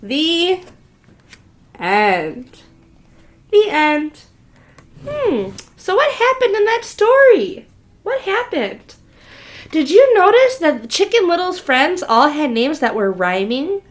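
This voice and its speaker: A woman preschool teacher reading a picture book aloud to little children. Her voice is high and very animated, rising and falling a lot. She speaks slowly, pauses to ask questions and spells names letter by letter.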